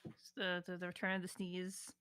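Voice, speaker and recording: A woman co-hosting a commentary stream, teasing and cracking quick jokes. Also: lowish voice, monotone, fairly bright tone, clear, resonant tone. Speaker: stream co-host. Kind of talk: casual commentary.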